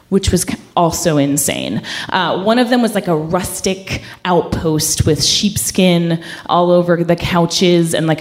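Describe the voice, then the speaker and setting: A woman's voice: on the low side, darkish tone. A woman telling a personal story on stage at a coffeehouse show, in a chatty way full of "like" fillers.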